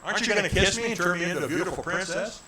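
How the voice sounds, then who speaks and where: A man's voice: sits high, very fast, pitched above the performer's own voice, natural voice. A man voicing a small pleading talking frog. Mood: coaxing. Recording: roomy live venue with crowd.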